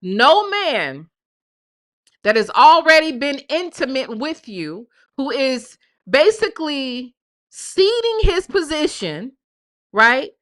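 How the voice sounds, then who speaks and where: Sassy, bright-voiced woman streamer. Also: sits high, big pitch swings, slow. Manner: sassy and mocking, reading out text messages. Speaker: commentary streamer. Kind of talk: casual gossip commentary.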